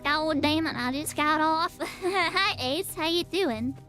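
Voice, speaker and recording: A woman's voice: high-pitched, slow pace, pushed and bright, soft background music. A woman streamer giving chatty, playful, self-mocking commentary while playing a game. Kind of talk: casual gameplay commentary.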